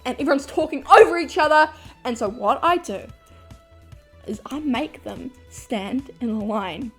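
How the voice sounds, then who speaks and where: A woman's voice: a little high, moderate pace, soft background music. Laughing, swearing young woman storyteller. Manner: animated, laughing, swearing freely. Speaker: vlogger. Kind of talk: storytime vlog.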